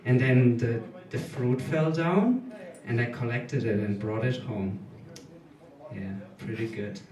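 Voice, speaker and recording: German comic, 30s, German accent, deadpan and halting, drawn-out delivery in an echoey room. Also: male voice, mid-range voice, far from the mic, lo-fi sound, a crowd in the background. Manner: hesitant, deadpan, halting with many ums. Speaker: stand-up comedian. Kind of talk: stand-up comedy set. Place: small live comedy venue.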